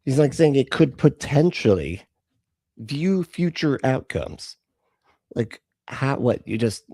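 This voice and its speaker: A man hosting a casual live stream, greeting viewers by name and laughing between comments. His voice is gravelly and mellow, with lively swings in pitch. The sound is dry and close. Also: slow pace, no room sound. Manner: chatty, greets chat viewers, laughs often. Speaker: livestream host reacting to videos.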